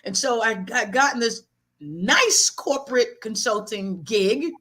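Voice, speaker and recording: Middle-aged woman guest author, animated storyteller, bright and high. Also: a little slow. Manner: animated, laughing often. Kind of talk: personal storytelling in an interview.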